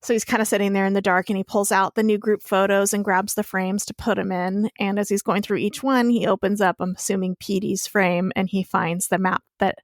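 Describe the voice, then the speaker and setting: A woman's voice: mid-range voice, flat delivery, a little fast, hardly any pauses, no room sound, studio quality. A young woman co-hosting a podcast, retelling a TV episode in a chatty, casual way with plenty of swearing. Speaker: podcast co-host. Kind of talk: casual TV recap chat.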